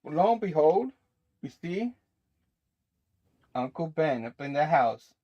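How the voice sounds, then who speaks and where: A man's voice: fairly high pitch, big pitch swings, slow pace, muffled recording. A man hosting a casual comic book review, enthusiastic and laughing often.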